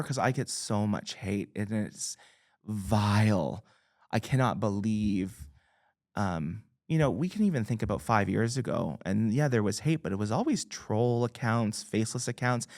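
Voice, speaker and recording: A guest author talking casually in an interview, joking at their own expense and laughing often. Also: medium pitch. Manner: animated, self-deprecating humor, laughs often. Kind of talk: conversational interview.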